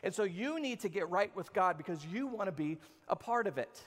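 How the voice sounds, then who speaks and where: A man's voice: high voice, animated, brisk, a bit bright. A man in his thirties preaching a sermon as a pastor, casual and joking, talking straight to his audience. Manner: conversational, jokey, talks to the audience. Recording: long hall reverb.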